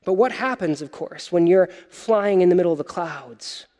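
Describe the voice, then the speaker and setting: A man preaching a sermon as pastor, animated and wry, with joking asides to the congregation. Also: sits high, moderate pace, big-room sound.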